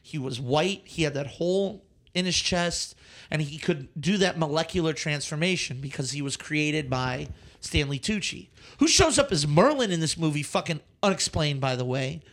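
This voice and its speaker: Male podcast co-host, higher register, animated and exasperated, profane. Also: moderate pace. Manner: animated, swears often, exasperated rants. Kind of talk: casual movie chat.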